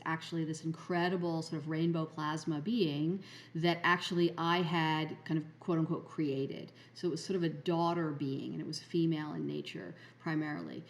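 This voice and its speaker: A woman's voice: deep voice, darkish tone. A woman hosting a podcast, telling a spiritual story in a rambling way, full of fillers and restarts. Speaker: podcast host.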